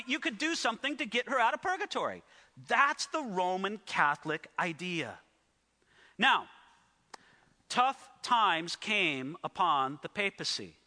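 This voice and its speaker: A man preaching with a very high, ringing voice that sounds sharp and bright. He tells the story with lively asides to the listeners, and a long hall echo follows each word. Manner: animated storytelling with asides to the audience. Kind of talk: sermon. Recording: echoey hall.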